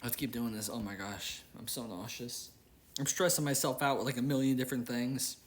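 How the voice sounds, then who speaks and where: A man's voice: mid-range voice, steady tone, a little fast. Young male gaming host, casual rambling commentary, easily irritated, repeats himself. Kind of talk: casual gameplay commentary with venting.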